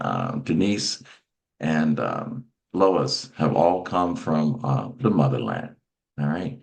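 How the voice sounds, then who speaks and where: A deep-voiced man hosts a motivational show with a gravelly edge to his words. He talks emphatically, repeating himself and calling out names. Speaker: host. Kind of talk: animated talk-show chat.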